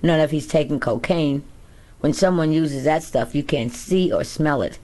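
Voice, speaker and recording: A woman doing a blunt, calm older mother. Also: deep voice, moderate pace, lightly acted. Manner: blunt and plainspoken.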